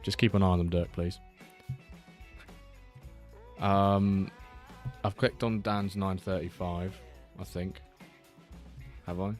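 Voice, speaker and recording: A man hosts a live watchalong in a relaxed, rambling way, chatting to viewers and reading their messages aloud. His voice sits on the low side. Quiet guitar music plays in the background. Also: takes it slowly, long pauses. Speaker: streamer hosting a watchalong. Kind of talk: casual live-stream chat. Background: faint background music.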